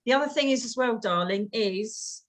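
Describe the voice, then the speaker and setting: A woman's voice: a little high, normal speed. A British woman giving a live reading over a video call, chatty, calling people darling and swearing mildly. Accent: British English. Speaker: psychic medium.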